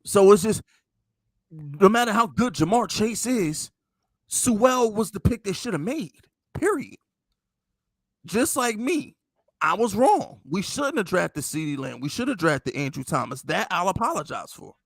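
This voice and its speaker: A man co-hosting a sports podcast, talking in a blunt, profane and opinionated way. His voice is a little higher than most men's and gravelly. The sound is dry and close. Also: very animated, a little slow, no echo. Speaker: podcast co-host. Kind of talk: casual sports podcast chat.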